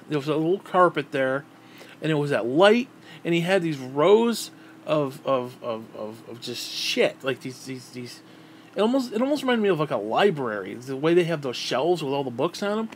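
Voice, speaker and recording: A very animated male vlogger in his thirties, with a fairly high voice, loosely recounts an old memory at normal speed. He is profane and rambling, repeating and restarting words, and a faint hum runs beneath him.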